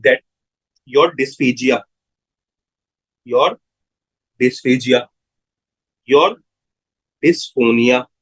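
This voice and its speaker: A man's voice: mid-range voice, husky, poor audio. A man with an Indian English accent giving a live medical lecture, repeating key terms and putting questions to his students.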